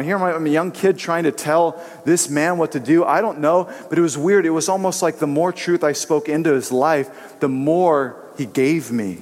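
An earnest male preacher tells personal stories in a loose, conversational sermon. His voice sits fairly high, and a long hall reverb trails behind each phrase.

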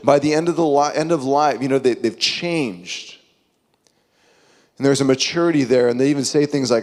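Young man, preacher, sermon, animated, conversational, long hall reverb. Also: medium pitch, brisk. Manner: animated, conversational, acts out quotes.

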